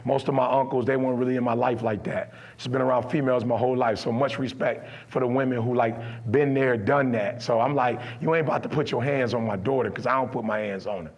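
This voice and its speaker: A man's voice: mid-range voice, fairly even intonation, fast, hardly any pauses. A middle-aged man giving a motivational speech, telling stories with acted-out dialogue and building to impassioned preaching. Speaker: motivational speaker.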